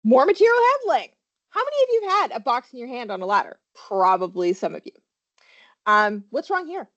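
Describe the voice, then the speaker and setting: A woman's voice: sits high, big pitch swings, fast talker, fairly bright tone, muffled recording. A woman workplace safety trainer giving a webinar presentation, talking animatedly and quizzing her listeners with questions.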